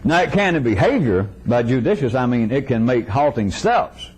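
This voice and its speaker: Animated man lecturing with wry humor. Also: medium pitch, normal speed, a little hiss or hum, low-quality recording. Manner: animated, acts out dialogues with shifting voices; wry, chuckles often. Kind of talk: informal philosophical lecture to a live audience.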